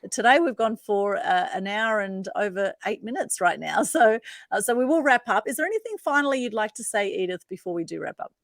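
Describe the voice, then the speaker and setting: A woman hosts a live online interview with effusive, chatty energy. Her voice sits in a middle pitch. The sound is dry and close. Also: lively intonation, brisk, gravelly, dry recording. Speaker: host.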